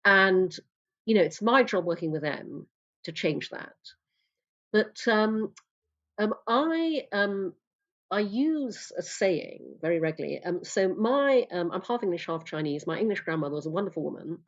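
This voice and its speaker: A woman's voice: mid-range voice, expressive, moderate pace, muffled recording. A woman speaking as a guest coach in a casual interview, blunt and emphatic, swearing freely.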